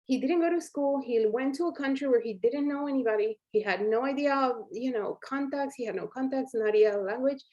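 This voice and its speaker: A woman in her forties with a slightly high voice hosts a live online coaching workshop. She talks in a chatty, encouraging way, turning again and again to her viewers as "you guys.". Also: fairly quick, hardly any pauses, darkish tone, muffled recording. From Colombia. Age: 40s. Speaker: workshop host.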